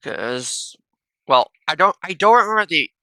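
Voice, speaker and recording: Rambling, bright-voiced young man on a headset. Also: fairly high pitch, very animated, a little slow, dry recording. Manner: rambling, with many restarts and a habitual "though". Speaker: reaction video host. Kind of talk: casual reaction commentary. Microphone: wireless gaming headset.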